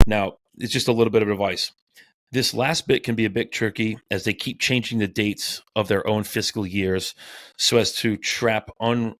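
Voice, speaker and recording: A man co-hosting a casual podcast, reading aloud and riffing, animated, swearing and tripping over his words. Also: on the low side, no room sound. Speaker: podcast co-host.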